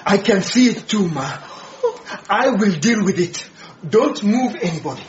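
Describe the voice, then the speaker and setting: A man's voice: sits high, expressive, a little slow, a little hiss or hum. A young man acting a brash, stubborn garage apprentice in a radio drama, cocky and defensive. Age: young adult. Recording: dull lo-fi radio drama recording.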